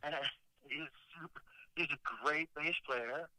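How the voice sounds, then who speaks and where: A man's voice: a little high, unhurried, slight background noise, rough recording. A man in his fifties, a rock singer calling in as a guest, casually telling a long story and acting out what other people said. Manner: animated storyteller who acts out quoted dialogue. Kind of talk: casual phone-in interview storytelling.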